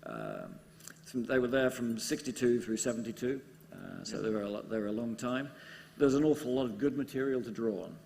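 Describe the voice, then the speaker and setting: A man's voice: medium pitch, big pitch swings, fairly quick, vocal fry, a little mellow. A man, a game developer, chatting casually on a convention panel, hesitant with many ums. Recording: echoey hall with faint background noise.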